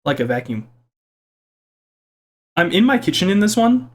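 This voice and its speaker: A young man casually reading out and joking about viewer comments in his video, with a playful, self-mocking manner. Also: sing-song. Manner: playful, self-mocking, quick swings in pitch. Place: home kitchen.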